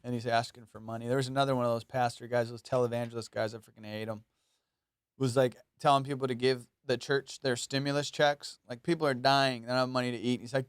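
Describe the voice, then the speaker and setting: A man hosting a podcast, telling profane, rambling comic stories in a casual, animated way. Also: medium pitch, fast talker, smooth, no room sound, clean studio sound. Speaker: comedian and podcast host. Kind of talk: casual comedic storytelling. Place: Los Angeles.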